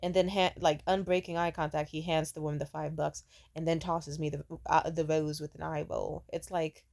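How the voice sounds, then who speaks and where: Deep-voiced with vocal fry, a darkish tone and little pitch movement, a young woman tells dating stories at a moderate pace in a casual ranting storytime. Blunt, profane and sarcastic, she mocks people with put-on voices.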